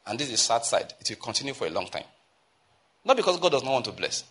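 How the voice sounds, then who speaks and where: A Nigerian man preaching a sermon as pastor, emphatic, climbing into urgent exhortation and slowing down to stress key phrases. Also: mid-range voice, very animated, a bit bright, breathy edge.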